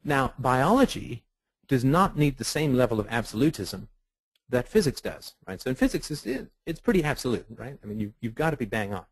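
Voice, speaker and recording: A man giving a webinar lecture on ethics, animated and rhetorical, acting out the voices of people he quotes. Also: mid-range voice, fairly quick, husky, no room sound, low-quality recording. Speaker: webinar speaker.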